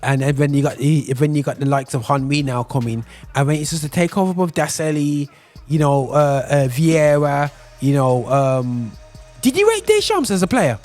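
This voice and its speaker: Excitable high-voiced man, football chat. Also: normal speed, faint music behind. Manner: excitable, repeats "bro" often. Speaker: podcast host.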